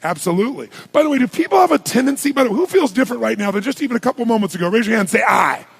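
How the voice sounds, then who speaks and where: A man with a high, gravelly, husky voice preaches self-improvement to a large live audience. He talks emphatically, firing questions at the crowd and pressing each point home. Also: lively intonation, very fast. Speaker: motivational speaker. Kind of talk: motivational seminar talk.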